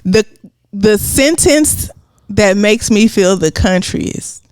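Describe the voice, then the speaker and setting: A man's voice: sits high, expressive, takes it slowly, darkish tone, clear, resonant tone, no room sound. A man with a Southern Texas country accent co-hosting a podcast, laid-back and slangy in casual chat. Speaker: podcast co-host.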